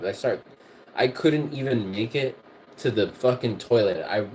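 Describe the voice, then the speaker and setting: A music producer hosts a casual storytelling livestream while cooking in his kitchen, rambling, swearing, and repeating himself. His voice is fairly low and somewhat dark in tone, delivered at a normal speed. There's slight background noise.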